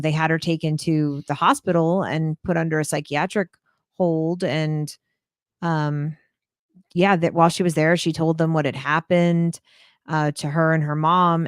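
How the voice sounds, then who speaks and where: A woman's voice: low-pitched, clean tone, no echo, clean studio sound. A woman guest co-host discussing a true crime case in a thoughtful, hesitant way with frequent ums.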